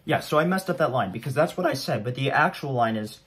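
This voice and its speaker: A man's voice: medium pitch, expressive, fast, few pauses, a bit bright. A young man giving casual, rambling commentary at home, chatty and self-deprecating. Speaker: vlogger.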